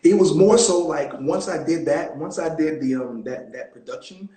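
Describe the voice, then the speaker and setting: A man being interviewed as an actor on a live video call, telling stories in a relaxed, animated way with plenty of fillers. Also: a little high, normal speed, reverberant, low-quality recording. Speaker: guest actor. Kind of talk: casual interview storytelling.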